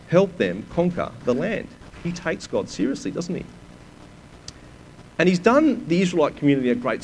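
A man's voice: mid-range voice, a little mellow, a little hiss or hum, low-quality recording. A man preaching a sermon, reading scripture aloud with emphasis and putting rhetorical questions to his listeners.

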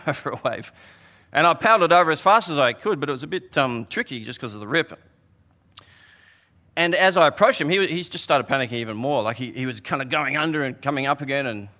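Bright-voiced preacher, man. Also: fairly high pitch. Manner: earnest, conversational storytelling with repeated restarts. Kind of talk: sermon.

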